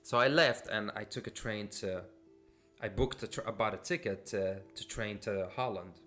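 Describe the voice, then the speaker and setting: Man telling his story, low voice. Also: normal speed, a bit bright, faint music behind. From Syria. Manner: casual, frequent fillers and restarts. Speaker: podcast host. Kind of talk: personal storytelling.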